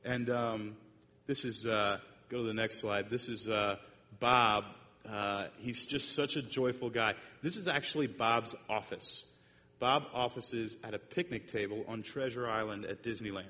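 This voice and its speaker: This church talk with slides comes from a man whose voice is pushed and bright, fairly even in intonation, and a little slow. He tells a lengthy story with many fillers and restarts, and the hall recording sounds muffled and echoey with a faint rumble.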